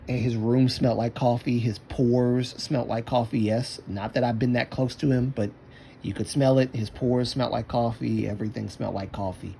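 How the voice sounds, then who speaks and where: A man's voice: mid-range voice, vocal fry, mellow, a little hiss or hum. A man chatting casually on a livestream, rambling and talking to himself while using his computer.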